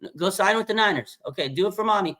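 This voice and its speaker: A doting mother keeps phoning her son, pleading in a bright, sing-song lilt pitched far above a normal speaking voice. A man puts her on in a falsetto-like tone. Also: animated, fast talker, noisy background.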